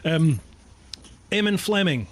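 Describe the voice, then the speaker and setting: A man's voice: fairly high pitch, animated, slow. A Scottish man hosting a podcast, chatting casually and laughing often at himself. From Scotland. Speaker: podcast host. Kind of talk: casual chat.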